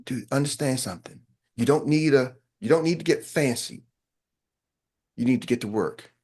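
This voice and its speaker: A male business coach delivers a motivational talk in a blunt, colloquial way. His voice sits in an ordinary middle pitch for a man. He hammers points home by repeating his phrases. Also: moderate pace, a little mellow, slightly rough.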